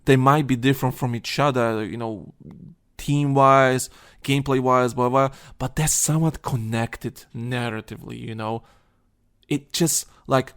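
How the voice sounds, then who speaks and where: A young man with a medium-pitched voice rants on his podcast. He talks heatedly and casually, loads his sentences with "you know," and often restarts mid-thought. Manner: heated, ranting, many fillers like "you know". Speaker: podcast host.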